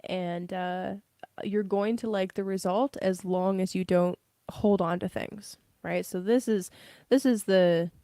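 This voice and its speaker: A woman's voice: medium pitch, steady tone, unhurried, dark tone, no echo, studio quality. A woman giving a casual live tarot reading, giggly and rambling, with frequent swearing. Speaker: tarot reader.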